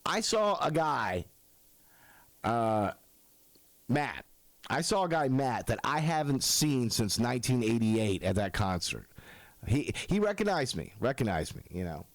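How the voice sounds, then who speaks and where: Gravelly, lively-voiced man rambling on. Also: medium pitch, measured pace, no room sound. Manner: self-mocking storyteller, lively. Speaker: radio show host. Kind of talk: rambling casual monologue.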